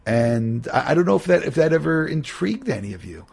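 Teaching Torah study, this middle-aged man speaks a bit fast in a slightly high, husky, gravelly voice. His delivery is lively: he plays out brief exchanges and keeps restarting what he's saying.

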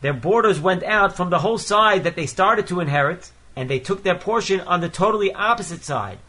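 Man, Torah lesson, reads a phrase then translates it, fairly high voice. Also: lively intonation, brisk, bright, forceful tone. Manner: reads each Hebrew phrase then explains it in English. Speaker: Torah teacher. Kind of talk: Torah lesson, reading Hebrew verses and translating line by line.

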